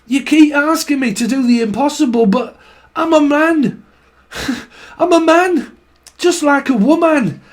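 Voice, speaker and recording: Guy doing a fed-up old northern husband, swearing, pitched way up from his normal voice. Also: unhurried. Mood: exasperated. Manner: swearing, exasperated ranting. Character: grumpy elderly northern English husband. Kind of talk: comic improvised voice.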